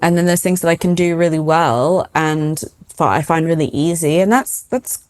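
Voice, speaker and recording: Laughing English woman, lower voice. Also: normal speed. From England. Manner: animated, laughing, self-deprecating. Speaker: guest, founder of an adult dyslexia organization. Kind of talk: casual interview chat.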